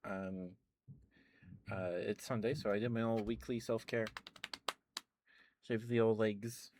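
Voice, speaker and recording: Soft-spoken low-voiced young man. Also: flat delivery, slow pace, noisy background. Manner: rambling, laughs often, repeats phrases. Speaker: ASMR streamer. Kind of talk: soft-spoken ASMR chat.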